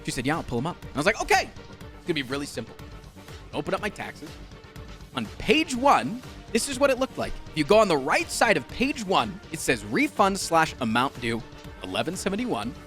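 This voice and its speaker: Fired-up male streamer, lively swinging pitch, bright voice, soft music under. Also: fairly quick. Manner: exasperated, swearing, mocking voices. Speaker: streamer telling a story. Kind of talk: animated storytime rant.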